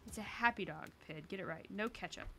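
Bright-voiced woman grumbling through a game. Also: medium pitch, a little fast, slight background noise. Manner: exasperated, swearing, talking to herself. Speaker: streamer. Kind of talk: casual gameplay commentary.

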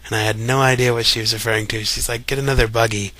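A man's voice: medium pitch, fast. A young man from Kentucky with a light Kentucky accent, chatting casually and reading a word list aloud for a voice meme. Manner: relaxed, chatty, reads words one by one.

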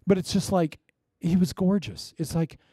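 A middle-aged man preaching a sermon as pastor, joking, with loud declarations and quiet asides. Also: sits high, normal speed, husky, no echo, studio quality. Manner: lively, joking, swings between loud proclamations and quiet asides.

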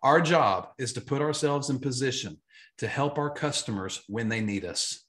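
A man, an insurance agency trainer, giving an emphatic, energetic live online training talk and repeating his key points. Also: medium pitch, moderate pace.

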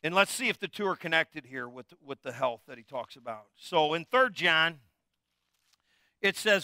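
Bright, high-voiced man preaching a sermon. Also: lively intonation, normal speed, no echo, studio quality. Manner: conversational, jokey preaching with call-and-response. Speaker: pastor.

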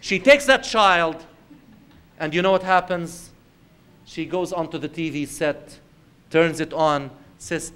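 A man giving an Islamic lecture to his audience. He tells everyday stories and asks rhetorical questions, swinging from loud emphasis to quiet earnestness. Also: on the high side, takes it slowly, pauses often, smooth.

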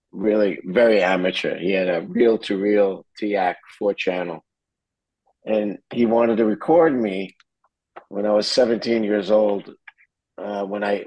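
Lively low-voiced man telling a story. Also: no echo, low-quality recording. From New Jersey, USA. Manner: animated storyteller who acts out quotes. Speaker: guest musician. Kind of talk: casual storytelling interview.

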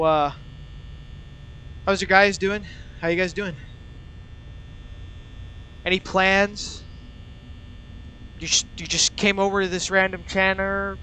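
Speaking slowly with frequent pauses, a young gaming channel host nervously commentates a horror game, swearing, muttering and chattering constantly to cope with fear. His high-pitched voice is level yet pushed and bright, recorded through a mask over his mouth with slight background noise.

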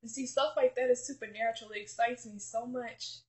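A woman with a fairly high voice pours out an emotional faith testimony to her viewers. She talks fervently, trips over her words and restarts her sentences, and keeps calling her listeners honey. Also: steady tone, brisk, background noise. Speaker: faith vlogger.

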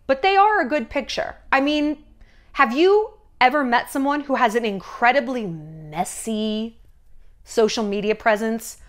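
A woman in her thirties ranting casually to camera as a vlogger, chatty and sarcastic. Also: a little high. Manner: chatty, animated, sarcastic asides. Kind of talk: casual opinion rant to camera.

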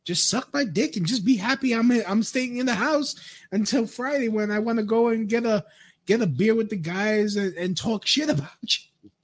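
A man's voice: sits high, moderate pace. A man giving a crude, rambling rant, with frequent stammered restarts. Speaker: commentator. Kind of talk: profane rant commentary.

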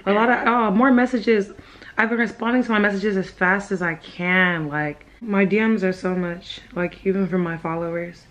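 A woman's voice: medium pitch, fairly even intonation, normal speed, fairly bright tone. A young woman chatting casually to camera in a vlog, gushing and laughing often. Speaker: vlogger.

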